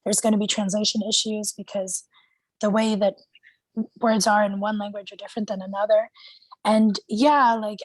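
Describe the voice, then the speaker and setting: Woman, young, from Brazil, native Portuguese, chatty, laughs a lot, higher voice, video call. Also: dry recording. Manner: chatty, animated, laughs often. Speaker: media group host. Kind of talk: casual group discussion.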